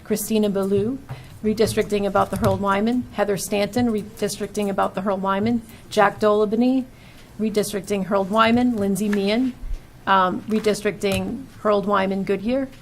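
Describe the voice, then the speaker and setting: Chairing a school committee meeting, a woman with a Boston-area accent reads a long list of names and topics, stumbling now and then. Her mid-range voice stays steady and runs a little fast. Light background noise is audible.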